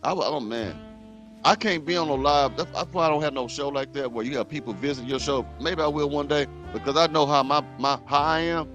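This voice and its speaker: A man's voice: a little high, fairly quick, fairly bright tone, faint music behind. A man hosting a reaction show, ranting bluntly and heatedly at a clip he is playing. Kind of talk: commentary rant.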